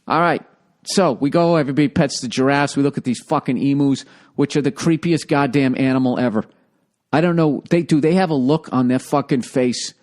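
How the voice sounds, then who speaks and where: A man's voice: fairly high pitch, brisk, a little mellow. A man in his forties with a Boston accent, telling a rambling, profane, exasperated story.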